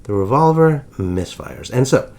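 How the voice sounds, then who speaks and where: A man telling a historical story as scripted narration, with dramatic pacing and drawn-out suspense pauses. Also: fairly low pitch, big pitch swings, gravelly, a little mellow. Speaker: history channel host.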